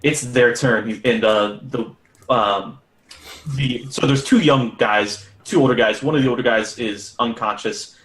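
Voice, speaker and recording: A man's voice: medium pitch, unhurried, fairly bright tone. A man narrating as game master of a tabletop game in a casual, profane, laughing way. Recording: echoey room.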